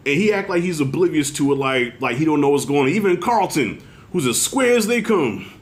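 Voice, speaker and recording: Animated, profane middle-aged male reviewer. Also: a little high, fairly quick. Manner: animated, profane storytelling with acted-out quotes. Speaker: TV show reviewer. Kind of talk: casual video review commentary.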